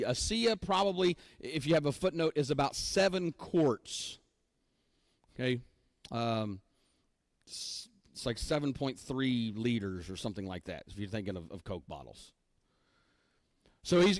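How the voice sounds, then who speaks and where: A man preaching a sermon, walking through a Bible passage in a conversational, animated way with frequent asides to the congregation. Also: a little high, no echo. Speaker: pastor.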